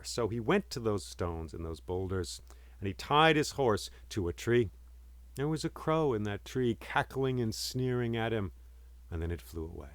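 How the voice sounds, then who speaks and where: Measured storyteller man, dry close sound. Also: on the low side, very animated, no room sound. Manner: measured, dramatic, vivid. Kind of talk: oral storytelling.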